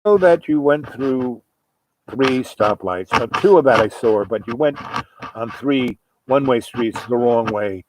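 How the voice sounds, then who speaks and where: A man voicing a patient male police officer who lectures in a calm, formal way. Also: medium pitch, a little slow, very noisy, lightly acted. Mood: stern.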